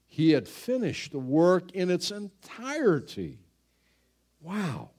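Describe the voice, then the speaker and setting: A man preaching a sermon. He speaks slowly and dramatically and breaks into sudden loud exclamations. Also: sits high, wildly swooping pitch, breathy edge. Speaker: pastor.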